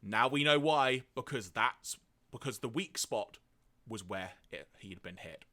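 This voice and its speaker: A man's voice: medium pitch, expressive, measured pace, sharp tone. A man co-hosting a casual podcast, reading out notes on an episode and laughing often. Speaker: podcast co-host.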